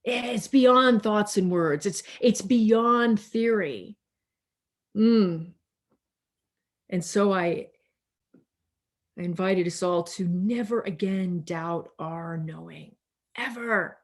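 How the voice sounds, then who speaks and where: A woman minister gives a gentle, meandering sermon over a video call, her pitch sitting in an ordinary middle range. She speaks slowly and reflectively, often pausing and restarting her sentences, and a tiredness runs under her words. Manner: slow, reflective, with many restarts and pauses.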